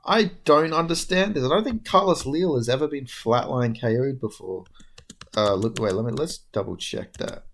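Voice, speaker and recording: A man's voice: medium pitch, normal speed. A young man casually recapping MMA fights alone, rambling and tired, with lots of fillers and casual swearing. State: tired, yawning. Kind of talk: casual solo recap talk.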